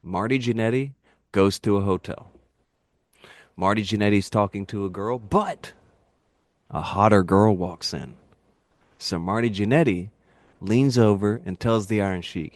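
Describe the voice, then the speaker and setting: Low-voiced man telling rambling stories. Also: normal speed, no room sound. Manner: animated, rambling anecdotes, laughs at own jokes. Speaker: podcast guest, wrestling YouTuber. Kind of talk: casual storytelling chat.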